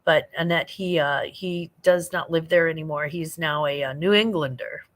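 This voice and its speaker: This older host from St. Louis, Missouri, drifts from topic to topic on her late-night stream, laughing readily and replying to viewer comments as they pop up. She has a lower-than-typical female voice and keeps a moderate pace.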